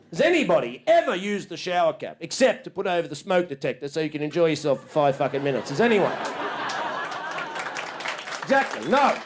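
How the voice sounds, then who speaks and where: A stand-up comic works a small club stage, swearing and ranting as if he can't believe it. To play other people, he breaks into loud, high-pitched shouts.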